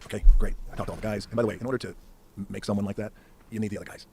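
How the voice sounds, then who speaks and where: A man with a somewhat low voice tearing through a story at a blistering clip as a podcast guest. He talks emphatically, swears often and trips over restarts in his rush. A steady hiss of noise sits under the studio mic. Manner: fast, emphatic, profane storytelling with frequent restarts. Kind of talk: animated storytelling in a podcast interview.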